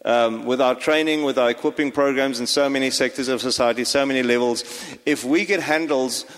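A pastor delivers a sermon to his congregation in a fairly quick, fairly bright, medium-pitched voice. He sounds hesitant, with frequent fillers and restarts, and long hall reverb fills the recording.

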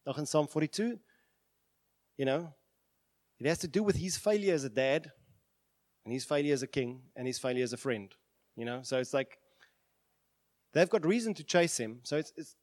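A man's voice: fairly high pitch, expressive, normal speed, long pauses, a little mellow, no room sound. A man preaching a sermon with passion, voicing prayers aloud. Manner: impassioned, acts out prayers aloud. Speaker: pastor.

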